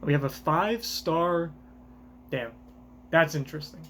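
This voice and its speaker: Profane excitable reaction streamer, man. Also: a little high, unhurried, a little hiss or hum. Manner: excitable, profane, rambling commentary. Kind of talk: casual live reaction.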